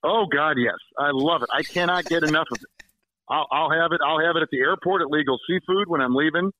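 Over a tinny phone connection, a guest sportscaster with a voice on the high side talks a little fast in a relaxed chat. He's a warm, rambling storyteller who keeps restarting and using fillers, with slight background noise in the call.

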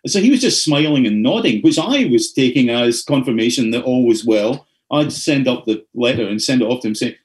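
A man's voice: medium pitch, a little fast, hardly any pauses, low-quality recording. Middle-aged scottish guy, podcast guest, chatty storyteller, acts out what people said. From Scotland. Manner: animated anecdotes with acted-out quotes. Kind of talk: casual storytelling interview.

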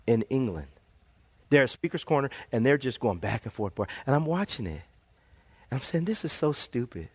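A man's voice: medium pitch, darkish tone. A middle-aged male pastor preaching a sermon, telling stories animatedly and calling for amens.

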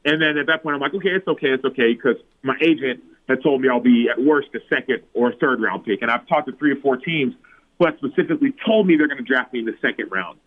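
A man in his thirties, a former pro football player, telling a personal story as a podcast guest and acting out his own past words. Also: fast talker. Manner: animated, acts out his own past words with big pitch jumps. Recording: phone-like narrow audio.

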